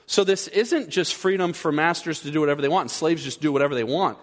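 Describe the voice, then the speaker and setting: A male pastor delivering a sermon with animated energy. He acts out everyday scenes in other voices to make his point. His voice carries a long reverb, as if spoken in a large church hall. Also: a little high, fast.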